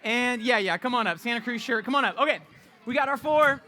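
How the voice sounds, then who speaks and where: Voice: mid-range voice, a little fast, pushed and bright, slight background noise. A youth pastor giving an interactive youth group talk, playful and upbeat as they coach volunteers.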